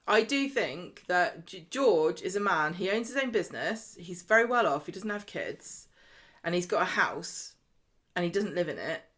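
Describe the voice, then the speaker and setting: Lady co-host, lowish voice, blunt and teasing. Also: big pitch swings, fairly bright tone. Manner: brisk, teasing, blunt asides. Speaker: podcast co-host. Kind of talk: casual chat reviewing a soap.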